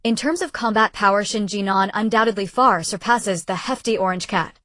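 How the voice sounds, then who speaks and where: A woman narrating a novel in an audiobook, in an even, steady storytelling manner. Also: medium pitch, brisk, dry recording.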